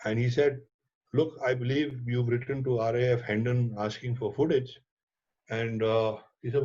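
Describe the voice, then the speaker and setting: In dull lo-fi audio, a middle-aged man with an Indian English accent recounts a lively story conversationally, mixing in Hindi words and offhand swearing. A documentary filmmaker, he talks at medium pitch and normal speed.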